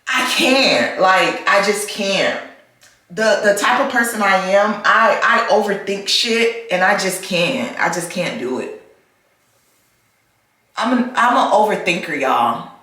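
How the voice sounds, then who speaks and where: A woman's voice: medium pitch, bright, forceful tone. A young woman ranting expressively in a casual vlog, swearing and repeating herself. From United States. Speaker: vlogger. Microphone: camera mic. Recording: very echoey room.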